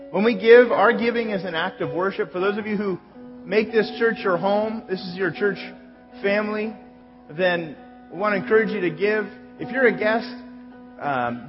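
A male pastor giving church announcements in a conversational way, stopping now and then to correct himself. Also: sits high. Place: church sanctuary. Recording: echoey hall, dull sound, music behind.

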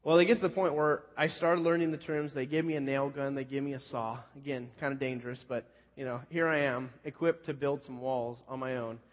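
Speaking briskly with hardly any pauses, this man keeps a medium pitch and fairly even intonation. He's a Central Coast California pastor sharing a personal story in a sermon, casual and self-deprecating with plenty of fillers, heard through muffled audio and a long hall echo.

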